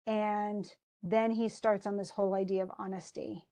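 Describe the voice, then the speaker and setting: A woman teacher talks her way through a classic play as a relaxed, chatty lesson. Her voice is mellow and warm, sitting at an ordinary middle pitch for a woman. She recasts the old lines in plain everyday speech. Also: fairly quick, hardly any pauses. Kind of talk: casual lesson retelling a play.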